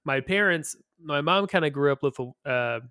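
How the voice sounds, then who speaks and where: A man's voice: fairly high pitch, animated, moderate pace, sharp tone, smooth, no room sound, clean studio sound. A man guesting on a podcast, telling a crude childhood story in casual chat, full of jokes and filler words. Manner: crude, joking, lots of "like" fillers.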